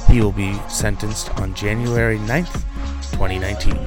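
A man reads a local news bulletin in a steady, even newsreader manner. He slips in the odd joking aside between items. Loud music plays clearly under his voice throughout. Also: on the low side, normal speed.

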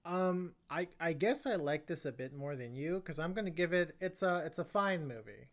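This podcast co-host has a low voice with lively intonation and talks at normal speed while reviewing movies casually. She rambles, restarts a lot, and laughs often.

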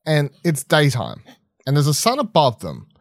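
Animated man in a dry recording. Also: a little high, moderate pace, no echo. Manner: animated, blunt, swears freely. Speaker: podcast co-host. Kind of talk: casual film chat.

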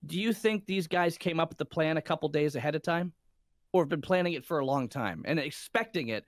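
A man's voice: fairly high pitch, brisk, no echo, clean studio sound. A man co-hosting a podcast, chatting casually about a movie in a jokey, questioning way. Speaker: podcast co-host. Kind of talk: casual movie review chat.

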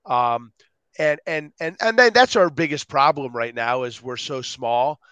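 A man on a podcast as a guest, talking with energy and acting out quotes in lively voices. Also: medium pitch, measured pace, smooth, no room sound. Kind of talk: animated interview talk.

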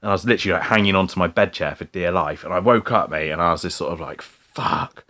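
A man telling a story in casual chat, rambling and filling every pause with "like" and "mate". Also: deep voice, bright, forceful tone. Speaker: podcast co-host telling a story.

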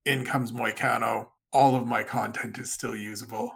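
Gravelly, bright-voiced man from Canada. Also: medium pitch, steady tone, normal speed. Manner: explains at length, gives advice. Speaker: guest, MMA writer. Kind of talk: casual podcast chat.

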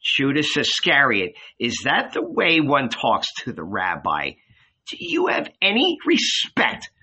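A man's voice: mid-range voice, sing-song, measured pace, sharp tone, husky, full character voice. A man reading an audiobook, voicing an indignant male disciple who rebukes a friend. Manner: indignant, reproachful.

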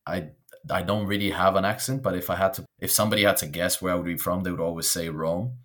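A man's voice: low-pitched, fast talker. A young Italian man, whose first language is Italian, telling stories about his life in a casual interview. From northern Italy. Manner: storytelling, animated when quoting others. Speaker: guest.

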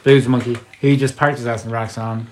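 A man's voice: medium pitch, level tone, a little fast, darkish tone, a little hiss or hum. Teasing man chiming in on a podcast. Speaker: podcast co-host. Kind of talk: casual chat.

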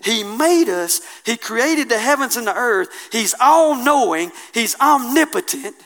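A man preaching a sermon, colloquial and impassioned, swinging from hushed asides to loud declarations. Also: very high voice, expressive, unhurried.

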